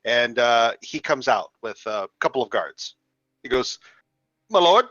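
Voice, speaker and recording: A man narrating a tabletop game as game master, halting and restarting often. The recording sounds slightly dull and dry. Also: medium pitch, a bit bright, no echo. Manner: halting, many fillers and restarts.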